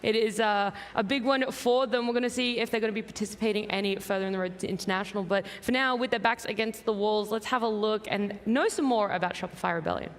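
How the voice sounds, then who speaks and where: A woman's voice: medium pitch, quick pace, hardly any pauses. Australian woman hosting, hall reverb. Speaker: esports desk host. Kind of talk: live esports broadcast commentary. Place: convention center stage.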